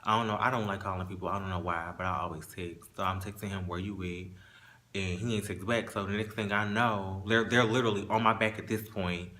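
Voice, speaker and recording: A man telling a painful personal story in a casual monologue, halting and restarting as he holds back tears. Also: lowish voice, fairly even intonation, sharp tone.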